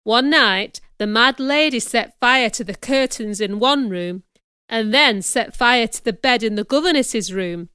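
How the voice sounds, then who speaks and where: A woman reading a storybook, voicing a calm, plain-spoken old innkeeper in a bright, clear voice. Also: on the high side, measured pace, no echo, clean studio sound. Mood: grave.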